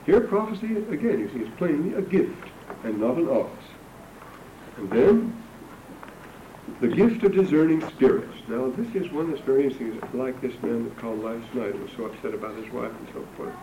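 A man's voice: mid-range voice, animated, moderate pace, dark tone. An older man giving a classroom lecture on scripture, digressive and anecdotal with dry humor. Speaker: religion lecturer. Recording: roomy distant lecture recording with background noise.

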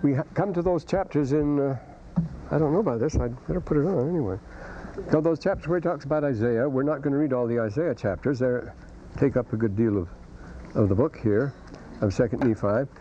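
A man's voice: medium pitch, brisk, warm tone, slight background noise. A man lecturing a university class on scripture, wandering off into scholarly asides as he reads and explains passages. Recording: dull lo-fi cassette lecture tape.

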